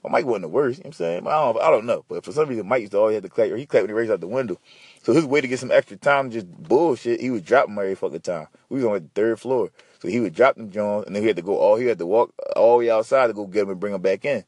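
A man hosting a podcast, ranting and telling stories in a slangy, profane, animated way. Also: lowish voice, rapid-fire, husky, no echo. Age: adult. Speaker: podcast host. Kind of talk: casual solo podcast rant.

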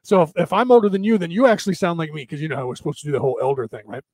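A man in his fifties in casual chat, rambling and animated with plenty of profanity. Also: on the high side, racing. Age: 50s.

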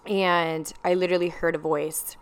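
Candid young woman with a smooth voice. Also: on the low side, flat delivery, normal speed. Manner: candid, confessional, with frequent ums and likes. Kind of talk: personal storytelling vlog.

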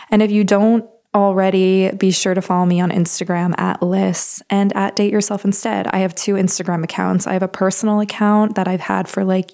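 A woman's voice: medium pitch, vocal fry, mellow. A woman hosting a self-help podcast in a casual, earnest, slightly scattered way, tired and jet-lagged and losing her voice, recorded in a studio. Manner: chatty, earnest, a bit scattered. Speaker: podcast host.

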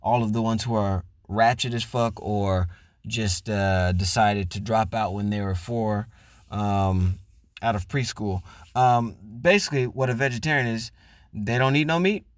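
A man hosting a podcast, ranting and swearing in a mocking, loud comedic way. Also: fairly low pitch, unhurried, no room sound, studio quality. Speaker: podcast host. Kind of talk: profane comedic rant.

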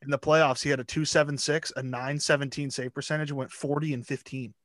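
A man's voice: fairly high pitch, level tone, fast, fairly bright tone, no room sound, studio quality. Wry man reading out hockey stats. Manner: wry, skeptical, reads out stats. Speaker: hockey podcast co-host. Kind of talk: casual chat.

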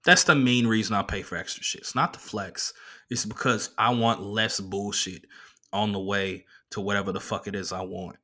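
A man hosting a solo podcast, telling stories in a casual, profane and animated way and slipping into voices. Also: lowish voice, normal speed. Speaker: podcast host.

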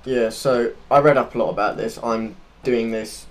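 A man's voice: medium pitch, fairly even intonation, moderate pace. A man co-hosting a podcast, telling a story without a script in a loose, earnest way and sometimes searching for words. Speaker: podcast co-host. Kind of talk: unscripted conversational storytelling.

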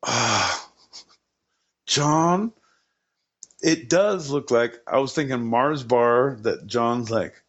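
A man's voice: mid-range voice, animated, very slow, pauses often, fairly bright tone, muffled recording. A man co-hosting a podcast, joking around in a crude, profane, rambling way. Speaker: podcast co-host. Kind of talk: casual comedic chat.

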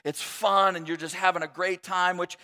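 A man in his thirties preaching a sermon in a relaxed, conversational way, with joking asides and many restarts. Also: high voice, normal speed. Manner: conversational, self-deprecating, jokey asides. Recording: long reverb of a large hall.

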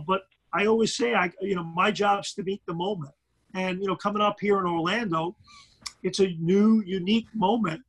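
A middle-aged basketball commentator with a Brooklyn accent, chatting animatedly in an interview and tripping over repeated words. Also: male voice, high-pitched, creaky, a bit bright, breathy edge, low-quality recording. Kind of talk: casual interview chat.

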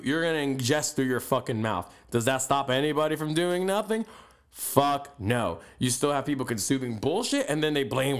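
A young man hosting a podcast, ranting bluntly and profanely in a motivational monologue. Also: on the high side. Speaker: podcast host. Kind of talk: motivational rant.

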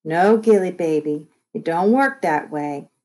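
A woman's voice: on the low side, lively intonation, a little slow. A woman reading as a big, tender foster mother. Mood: gentle. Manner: soft, tender, folksy dialect.

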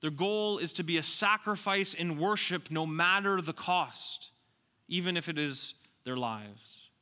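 Emphatic, bright-voiced male preacher. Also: on the high side, unhurried. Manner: emphatic, repeats key lines, asks the crowd rhetorical questions. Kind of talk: sermon.

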